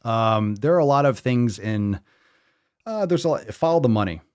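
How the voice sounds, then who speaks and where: A man's voice: mid-range voice, expressive, moderate pace, darkish tone, clear, resonant tone, no room sound, clean studio sound. Blunt, mocking male podcast host. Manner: reads posts aloud and rebuts them. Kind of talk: casual podcast commentary.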